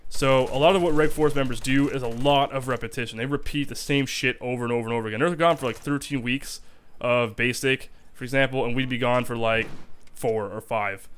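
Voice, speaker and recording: A man's voice: medium pitch, fairly even intonation, fairly quick, a bit bright, clean tone. A young man talking in a casual vlog, rambling and swearing heavily as he describes army reserve life. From Canada. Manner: profane, rambling, emphatic.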